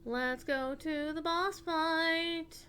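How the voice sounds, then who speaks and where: A woman's voice: very high voice, steady tone, extremely slow, sharp tone. A woman streaming a video game, chatting casually with her viewers. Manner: chatty, talks to her chat, swears casually. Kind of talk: casual gaming commentary.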